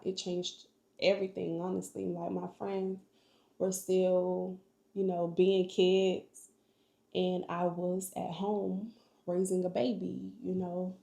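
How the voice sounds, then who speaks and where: A young woman shares her life story on a vlog, earnest and full of faith. Her voice is gravelly and mellow, and her delivery is slow. She sounds like she is in a room with a lot of echo. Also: lowish voice. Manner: earnest, emotional, faith-filled testimony. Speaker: vlogger. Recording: echoey room.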